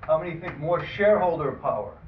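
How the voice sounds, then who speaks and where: A man moderating a panel discussion, who introduces the guests and runs an audience poll in a halting way, with many fillers and dry asides. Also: fairly high pitch, expressive. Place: conference room. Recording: phone-like, roomy, distant, faint hiss.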